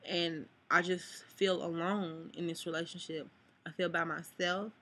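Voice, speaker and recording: A woman's voice: lowish voice, level tone, a little slow, bright, forceful tone. A sad, upset young woman venting to viewers in a rambling vlog, cursing freely. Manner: rambling, cusses, addresses viewers. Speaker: vlogger.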